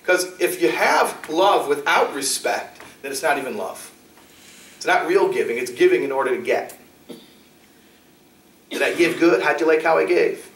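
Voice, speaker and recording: A man giving a talk as a rabbi, telling stories with animated acted-out dialogue. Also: normal speed, gravelly, a little hiss or hum. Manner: animated, acts out dialogue with shifting pitch. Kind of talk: lively storytelling lecture. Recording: roomy, distant mic in a hall.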